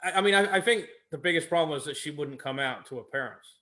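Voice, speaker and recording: A man co-hosting a podcast in casual chat, halting and repeating words as he retells scenes. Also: a little high, animated, sharp tone. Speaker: podcast co-host.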